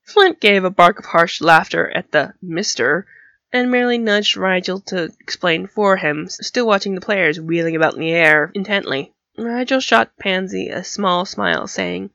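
A woman's voice: on the low side, normal speed, gravelly, no room sound, highs cut off. Woman narrating an audiobook. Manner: even, steady storytelling. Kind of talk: audiobook reading of fan fiction.

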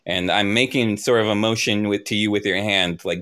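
A man playing his character in an improvised tabletop role-play over a voice call, lively and cursing freely. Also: lowish voice, moderate pace. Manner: animated, swears, acts out his character. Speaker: player.

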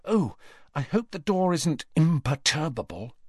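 Man putting on a high anxious schoolgirl witch. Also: big pitch swings, a little slow, breathy edge, no room sound, studio quality, heavily acted.

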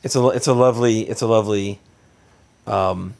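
A man in his thirties casually telling a funny story, animated and exasperated, jumping up high for punchlines. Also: fairly quick, gravelly. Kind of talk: casual anecdote.

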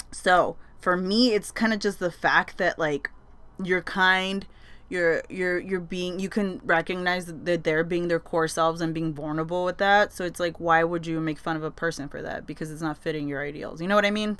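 A woman's voice: on the low side, fairly bright tone, clear, resonant tone. A young woman telling a story casually, chatty, with lots of fillers and frequent swearing. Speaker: vlogger sharing advice.

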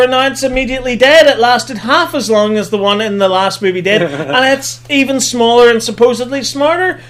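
A man recapping a movie comedically, animated and sarcastic, swearing heavily. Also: extremely high pitch, fairly quick, hardly any pauses.

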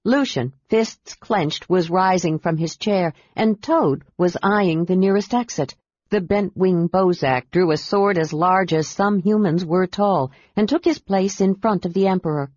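Husky-voiced fantasy audiobook narrator. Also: medium pitch, measured pace, a little mellow, no echo. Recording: dull, dry audiobook sound.

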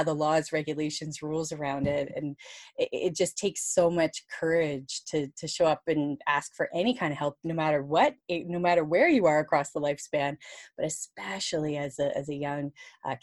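Woman interviewer, animated and playful, slightly low voice, dry close recording. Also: dry recording. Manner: lively, animated, jokey asides. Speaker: podcast host. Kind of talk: conversational interview.

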